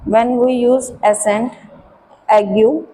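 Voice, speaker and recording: A woman teaching a French class, explaining slowly and carefully and now and then switching into Hindi. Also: a little high, steady tone, mellow, a little hiss or hum, low-quality recording. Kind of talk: classroom lesson.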